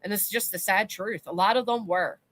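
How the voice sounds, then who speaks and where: A woman's voice: medium pitch, a little fast, a bit bright, dry recording. A woman co-hosting a casual commentary chat, blunt and swearing freely as she reads out viewer comments. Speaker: co-host.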